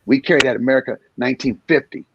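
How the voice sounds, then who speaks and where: A comedian in his sixties talking in an animated interview, acting out little scenes in different voices. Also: mid-range voice, rapid-fire, gravelly, highs cut off, background noise. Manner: energetic storyteller acting out voices. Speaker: comedian guest.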